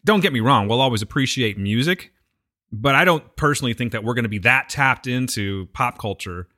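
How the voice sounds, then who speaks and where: A man's voice: mid-range voice, expressive, a little fast, sharp tone. A man co-hosting a podcast in casual chat, laid-back and frank, often calling his partner dude. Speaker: podcast co-host.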